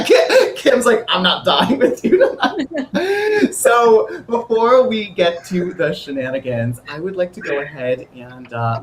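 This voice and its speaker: A man's voice: fairly high pitch, a little hiss or hum. A man hosting an online author event, talking in a bubbly, playful, chatty way over a video call. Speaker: host. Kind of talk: livestream hosting. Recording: roomy echo with faint music.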